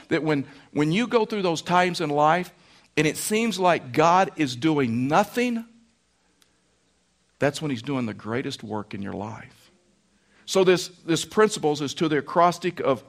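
A man preaching a sermon as a pastor, telling stories in a folksy way and repeating phrases for emphasis. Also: fairly high pitch.

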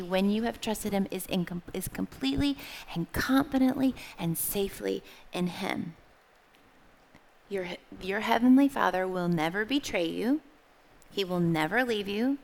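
A woman giving a sermon to young listeners, asking them questions and having them repeat words back. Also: medium pitch. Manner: expressive, asks the audience questions and has them repeat words. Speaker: children's Bible teacher.

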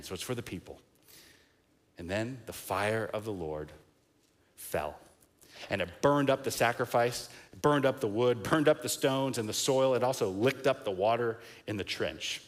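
A man's voice: medium pitch, moderate pace. A man preaching a sermon, telling a story in a casual, joking way. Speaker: pastor.

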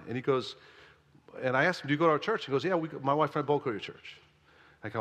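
Pastor preaching in a reverberant hall. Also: male voice, mid-range voice, fast. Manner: storytelling, animated and conversational. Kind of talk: sermon.

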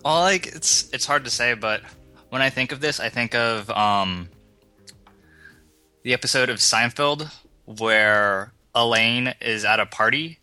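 A man's voice: medium pitch, unhurried, bright, forceful tone, soft background music. A man co-hosting a casual chat, rambling loosely with lots of filler words.

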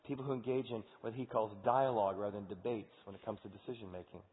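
A man's voice: lowish voice, steady tone, fast. A male pastor preaching a sermon in an earnest, conversational way. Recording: echoey hall over tinny sound.

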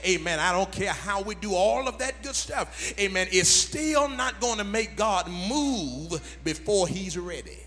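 A pastor preaching a sermon to his congregation, swelling into a shouted, half-sung cadence. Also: animated, a little slow, few pauses, long reverb tail, faint music behind. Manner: builds from low murmurs to shouted, half-sung whooping cadence. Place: church sanctuary.

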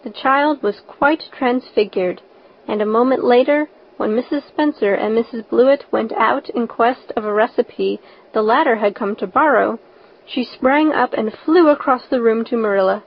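A woman reading a story aloud as narrator, in a steady, even storytelling manner. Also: a little high, moderate pace. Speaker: audiobook narrator. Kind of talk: scripted narration. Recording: dull lo-fi recording.

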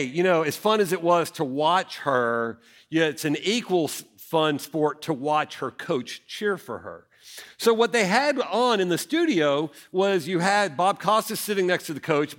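Animated pastor preaching. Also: male voice, on the high side. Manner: animated storytelling, acts out quotes. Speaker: senior pastor. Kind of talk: sermon.

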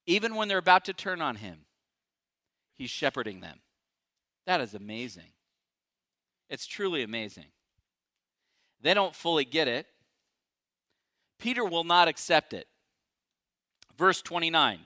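A male pastor preaching a sermon, emphatic and dramatic, swinging from loud declarations to hushed asides. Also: on the high side, very animated, moderate pace, pauses often, dry recording, clean studio sound.

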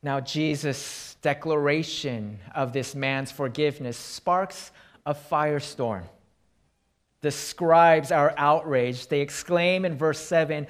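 A male pastor delivers a sermon at an unhurried pace. He tells illustrative stories and sinks into a quiet tone for emphasis. His voice sits a little high for a man.

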